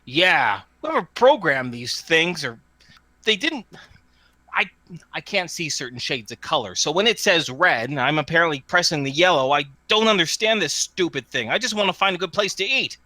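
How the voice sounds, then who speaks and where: A man's voice: fairly high pitch, big pitch swings, moderate pace, bright, forceful tone, no room sound, pitched above the performer's own voice. A man voicing a big, muscular, irritable dog-man in a tabletop game. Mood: frustrated. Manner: growling, irritable.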